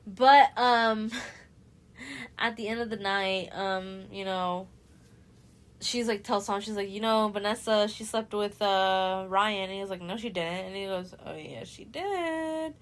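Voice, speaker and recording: A woman's voice: mid-range voice, fairly even intonation, a little slow, clear, resonant tone. A young woman hosting a podcast, stoned and retelling a book plot in casual chat, laid-back, profane and giggly with lots of filler words. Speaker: podcast host.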